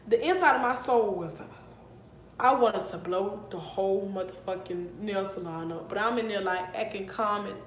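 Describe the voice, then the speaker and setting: A woman in her twenties telling a casual storytime vlog, animated and outraged, cursing as she talks. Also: medium pitch, normal speed. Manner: animated, outraged storytelling with swearing and acted quotes. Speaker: vlogger. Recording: echoey room with faint noise.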